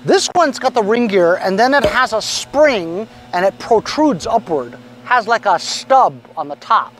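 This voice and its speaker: A man's voice: sits high, expressive, unhurried, a bit bright, slight background noise. A middle-aged man reselling lawn mowers, chatting casually and rambling with lots of fillers. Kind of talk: casual chat.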